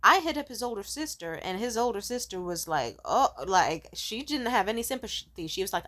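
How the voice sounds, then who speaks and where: Woman telling candid stories, animated. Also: mid-range voice, fairly quick, few pauses. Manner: animated, swings between loud and soft, swears freely. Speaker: vlogger. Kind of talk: casual storytelling to camera.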